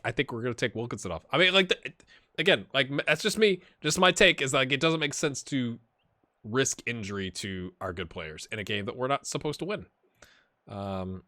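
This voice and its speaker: A man hosting a gaming channel, casually commenting while he plays, chatty and rambling, with laughs and sudden excited outbursts. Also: medium pitch, dry recording. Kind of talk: casual commentary while playing a football management game.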